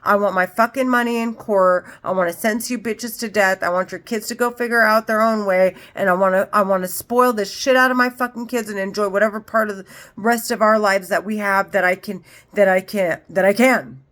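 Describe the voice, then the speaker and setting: A woman's voice: medium pitch, fairly even intonation, fairly quick, a bit bright. A woman in her forties delivering an unscripted monologue, a heated and profane rant that circles back on itself. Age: 40s. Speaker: vlogger.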